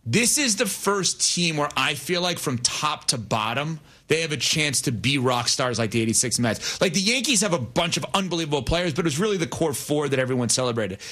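A man in his forties with a bright, forceful voice that sits a little high. He talks in a relaxed, conversational way and reflects on his points during a casual chat. He sounds like a co-host trading views with friends. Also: brisk, few pauses.

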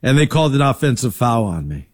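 A middle-aged man co-hosting sports talk, telling stories in a loud, lively, boisterous way. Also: mid-range voice, quick pace. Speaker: sports radio co-host. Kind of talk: casual sports talk banter.

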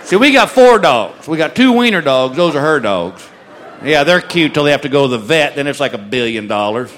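A married male comedian with a high, lively voice that swings up and down as he tells his stories. His punchlines land deadpan and drawn out. A loud crowd laughs and buzzes behind him on a live mic. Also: brisk. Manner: deadpan storytelling with drawled punchlines. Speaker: stand-up comedian. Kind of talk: stand-up comedy set. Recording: live club mic with audience noise.

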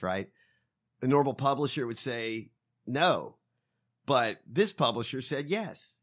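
A man's voice: medium pitch, expressive, measured pace, fairly bright tone. A man co-hosting a podcast in casual chat, mocking and swearing often. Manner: profane, laughing, mocking. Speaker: podcast co-host.

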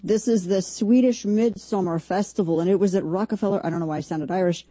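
Husky woman, chatty sarcastic host. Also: on the low side, brisk, warm tone, dry recording. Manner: chatty, rambling, sarcastic asides. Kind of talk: casual political commentary.

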